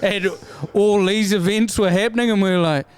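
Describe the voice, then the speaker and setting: Appearing as a guest comedian in a casual interview, a New Zealand man tells stories in a high-pitched voice at a moderate pace. He's animated and laughs often.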